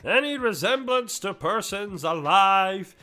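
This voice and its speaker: Meek hesitant male sidekick, put on by a man, high and unhurried. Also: lively intonation, pushed and bright, heavily acted. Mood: timid.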